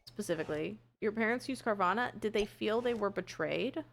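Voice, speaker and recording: A young adult woman streaming a game, chatting casually with viewers, swearing and bursting out excitedly. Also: mid-range voice, a little fast, creaky. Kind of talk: casual live gameplay chat.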